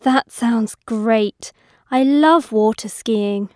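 A woman's voice: a little high, extremely slow, a little mellow, no room sound, studio quality. A woman reading the lines of a friendly young woman in scripted exam dialogues, speaking carefully. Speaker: dialogue actor in a listening exam.

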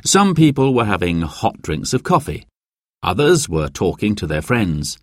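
Slow, expressive man reading a storybook. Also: fairly low pitch, dry recording, studio quality. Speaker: audiobook narrator. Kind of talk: children's storybook narration.

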